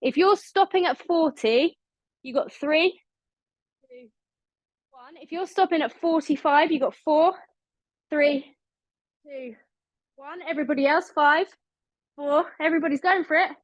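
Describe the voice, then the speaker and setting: A woman's voice: high-pitched, a little slow, long pauses, dry recording. A British woman leading an online exercise class, counting down reps and cheering people on, a little out of breath. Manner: upbeat, encouraging, counts down reps. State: slightly out of breath. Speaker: fitness instructor.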